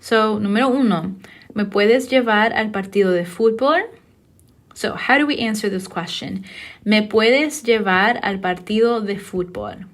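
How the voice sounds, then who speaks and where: A woman's voice: mid-range voice, measured pace. Patient woman teaching a recorded lesson. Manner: patient, explanatory, checks in with "okay?". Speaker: Spanish teacher. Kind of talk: recorded lecture.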